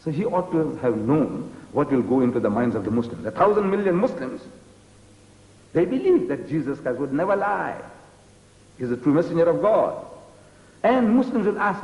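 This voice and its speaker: A man's voice: on the high side, very animated, fairly quick, darkish tone, highs cut off. Emphatic older man in a roomy archival recording. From South Africa. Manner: emphatic, repeats rhetorical challenges. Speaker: guest lecturer. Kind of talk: interview answer, preaching argument.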